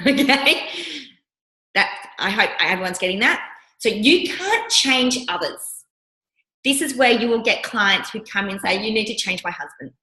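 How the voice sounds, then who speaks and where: Unhurried and pausing often, a woman with a medium-pitched voice teaches a workshop as its coach. She animates her personal stories by acting out the voices she quotes, and the recording carries a roomy echo.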